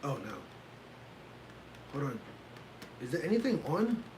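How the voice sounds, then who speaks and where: A man's voice: fairly high pitch, very animated, unhurried, noisy background. A man hosting a casual livestream, ranting in an exasperated way and talking straight to his chat from a room at home. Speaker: livestream host reacting to fights.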